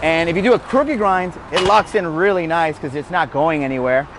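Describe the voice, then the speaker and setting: A man's voice: a little high, moderate pace, noisy background. A man hosting a casual BMX how-to, talking on a lapel mic outdoors, out of breath, chatty and self-mocking. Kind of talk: casual spoken tutorial. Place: outdoors by a street rail.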